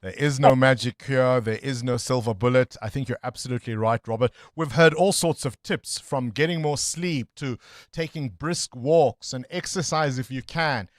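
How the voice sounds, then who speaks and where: A man's voice: mid-range voice, moderate pace, no room sound, studio quality. A man hosting a breakfast talk radio phone-in, chatting upbeat with callers. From South Africa. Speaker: radio talk show host.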